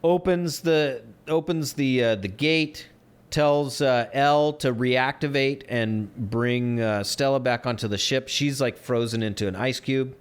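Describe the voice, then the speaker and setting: A man's voice: medium pitch, unhurried, clear, resonant tone. A man co-hosting a casual podcast, recapping a movie plot in an agreeable, easygoing way. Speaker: podcast co-host.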